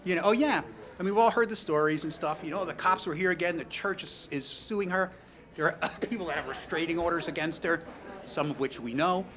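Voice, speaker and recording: A man's voice: on the high side, brisk, a bit bright. A middle-aged man with a New York accent giving a rambling, anecdotal eulogy full of "you know" and wry humor. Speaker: speaker at a memorial tribute. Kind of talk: storytelling eulogy.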